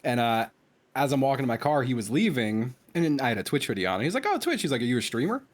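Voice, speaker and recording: A man's voice: mid-range voice, fast. Guy with a real bouncy voice telling goofy stories, laughs a lot. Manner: animated storyteller, laughs and acts out quotes. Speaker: streamer and show regular. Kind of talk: casual chat.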